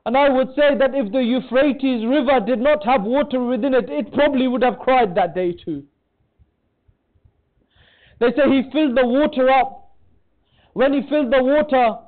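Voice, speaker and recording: A man with a strikingly high voice delivers an impassioned mourning sermon, pleading with the gathering before him. The sound is thin and phone-like, as from a lo-fi recording. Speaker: majlis speaker. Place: religious centre hall.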